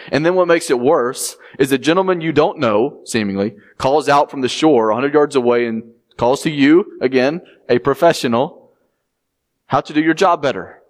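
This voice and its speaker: A male pastor preaches in a relaxed, conversational way. He slips into the voices of the people he quotes and jumps up in pitch for emphasis, keeping a moderate, even tone otherwise. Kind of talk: sermon.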